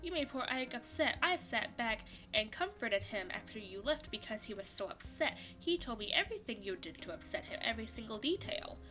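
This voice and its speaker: A woman's voice: on the high side, lively intonation, fairly quick, hardly any pauses, sharp tone, soft background music. A woman voicing a cold, furious young woman who harshly accuses and threatens someone to protect a friend in a visual novel.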